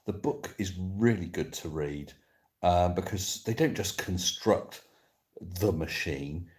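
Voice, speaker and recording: A deep-voiced man talks casually on a live stream from his sofa at home. He rambles, reading viewers' comments aloud and answering each in turn. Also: darkish tone.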